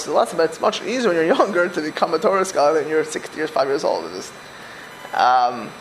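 A man teaching a Torah class, animated, with many restarts and repeated words. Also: fairly high pitch, slight background noise, poor audio. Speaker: religious teacher.

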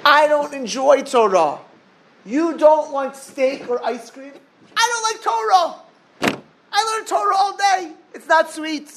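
A man voicing an eager, pushy young male yeshiva student who pleads in a high, insistent voice. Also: animated, unhurried, creaky, a bit bright, slight background noise, full character voice. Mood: frustrated.

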